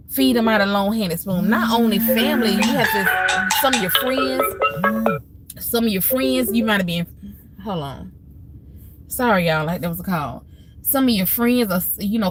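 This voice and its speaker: A woman hosting a live stream, talking casually and earnestly to her viewers, telling family stories in a heartfelt, preachy way. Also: a little high. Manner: heartfelt, preachy storytelling with Southern Black church phrasing.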